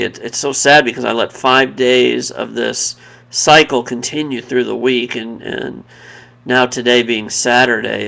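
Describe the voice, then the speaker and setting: A man with a heavily gravelly, fry-laden voice speaks in a personal devotional talk. His voice sits at a middling pitch. He is earnest and reflective, often pausing and restarting his thoughts. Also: fairly bright tone. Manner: pauses and restarts mid-thought.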